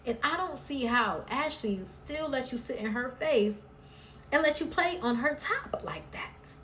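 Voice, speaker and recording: A woman's voice: high-pitched, animated, unhurried, a bit bright, slight background noise. A woman chatting bluntly and sassily as she recaps a reality show, swearing freely. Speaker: recap vlogger. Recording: roomy echo, somewhat far from mic.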